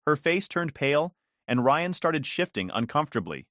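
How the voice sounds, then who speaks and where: Man narrating a story with animated pitch. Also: normal speed, no echo, clean studio sound. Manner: indignant, emphatic storytelling. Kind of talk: dramatic first-person story narration.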